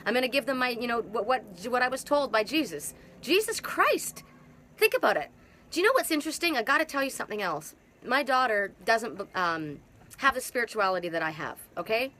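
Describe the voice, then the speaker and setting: A woman's voice: a little high, expressive, fast talker, pushed and bright. A middle-aged woman giving an emphatic, repetitive spiritual monologue as a twin soul facilitator, speaking outdoors. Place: outdoors in hot humid weather.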